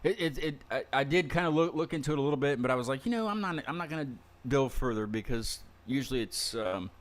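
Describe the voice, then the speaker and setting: A man's voice: medium pitch, expressive, fast. A man hosting a casual podcast interview, rambling, stumbling over his words and laughing often. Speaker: podcast host.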